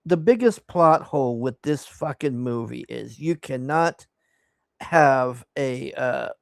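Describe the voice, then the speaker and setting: A man's voice: medium pitch, lively intonation, slow, vocal fry, dry recording, studio quality. A man giving a profane, exasperated recap of a movie he hated, scornful of its plot. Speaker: movie reviewer. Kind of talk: casual ranting movie recap.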